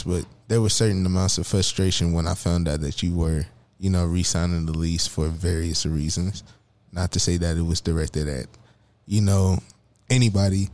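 Casting: young male podcast co-host, very low voice, dry close sound, earnest and blunt. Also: a little mellow, no room sound. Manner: earnest, frank, advice-giving. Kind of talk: casual podcast chat.

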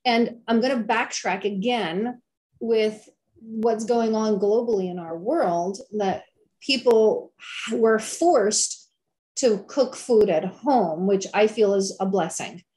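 Speaking slowly at a medium pitch, this middle-aged wellness chef has a darkish tone. In a conversational interview she comes across as eager and preachy, circling back to the same points to drive them home.

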